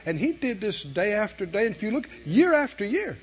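A man preaching a sermon, emphatic, dropping to a hush and then rising to shouts. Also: sits high, very animated, fairly quick, hardly any pauses, slightly rough, highs cut off. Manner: emphatic, swinging from hushed to shouting, with laughs.

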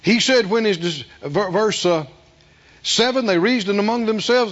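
Preacher man, real high lively voice, folksy, dull lo-fi sermon tape. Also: moderate pace. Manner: animated, folksy storytelling with rhetorical questions to the congregation. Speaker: pastor.

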